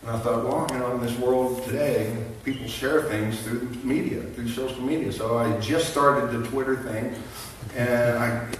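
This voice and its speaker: A middle-aged man telling an emotional personal testimony to a men's conference crowd, halting with many restarts. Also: mid-range voice, fairly even intonation, a little hiss or hum. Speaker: conference speaker. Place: large conference hall. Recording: echoey hall, heard from a distance.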